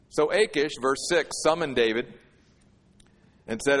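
A man preaching a sermon as pastor, swinging from hushed asides to emphatic, repeated phrases. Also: on the high side, moderate pace. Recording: long hall reverb.

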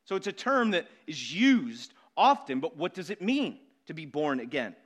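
A man preaching a sermon, stressing key words by repeating them and slowing down for emphasis. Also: fairly high pitch, big pitch swings, slightly rough. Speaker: pastor.

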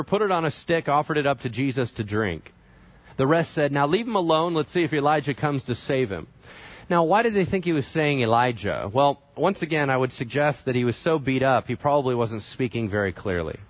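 A man preaching a sermon, retelling scripture with animated storytelling and conversational asides. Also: mid-range voice. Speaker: pastor. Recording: dry, slightly dull sound.

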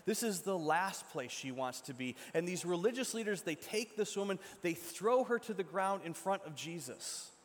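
Dramatic preacher in an echoing hall. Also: male voice, sits high, lively intonation, moderate pace, hardly any pauses. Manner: dramatic retelling, shifts from loud to hushed. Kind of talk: sermon storytelling. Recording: long echo from a large hall.

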